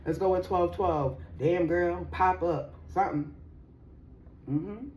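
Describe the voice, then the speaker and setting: The recording is muffled with slight background noise, and the woman's lowish voice moves slowly. As a tarot reader, she gives viewers a casual, slang-filled, profane reading, animated and emotional, with plenty of laughter and lots of sis and y'all.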